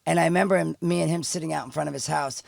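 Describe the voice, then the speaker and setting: A man's voice: fairly high pitch, fairly even intonation, racing, gravelly. A middle-aged man talking as a podcast guest, telling a candid story in a rambling way with many restarts. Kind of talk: casual storytelling chat.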